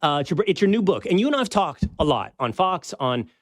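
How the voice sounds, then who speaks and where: A man's voice: a little high, very animated, a little fast, no room sound, clean studio sound. An American man hosting an interview, asking rambling, chatty questions. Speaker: show host. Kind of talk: casual interview chat.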